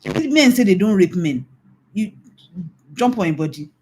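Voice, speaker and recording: A woman's voice: on the low side, animated, moderate pace, darkish tone. A middle-aged Nigerian woman pastor giving a mentoring talk, emphatic and scolding, repeating her warnings. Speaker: pastor and infidelity recovery coach.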